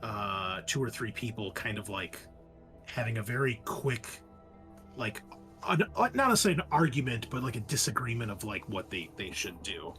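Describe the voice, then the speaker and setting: A man's voice: on the low side, animated, moderate pace, sharp tone, soft background music. Rambling male game master. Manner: rambling, full of ums and likes. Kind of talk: narrating a tabletop game.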